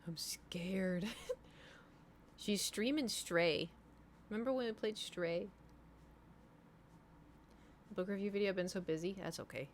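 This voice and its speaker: A woman's voice: medium pitch, moderate pace, pauses often, slight background noise. Rambling young woman streamer. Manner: rambling, self-deprecating, trails off. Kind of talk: casual stream chat.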